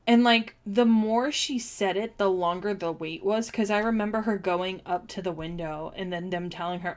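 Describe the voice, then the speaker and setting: A woman's voice: medium pitch, normal speed. Chatty woman reading cards. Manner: chatty, rambling, with many ums and restarts. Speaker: tarot reader. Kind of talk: live-streamed oracle reading.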